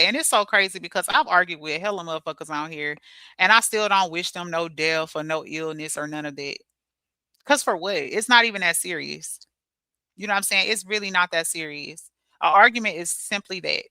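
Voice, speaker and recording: A woman with a fairly low, smooth voice hosts a casual livestream, reading chat comments aloud and answering them bluntly. She curses often and laughs loudly at her own jokes. There is no room sound.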